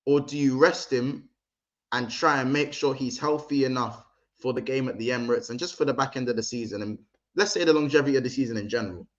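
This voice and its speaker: A man's voice: mid-range voice, fairly even intonation, quick pace, lo-fi sound. A man hosting a casual football livestream, chatty and slangy, talking straight to his viewers. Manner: chatty, slangy, addresses the chat directly. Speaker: livestream host.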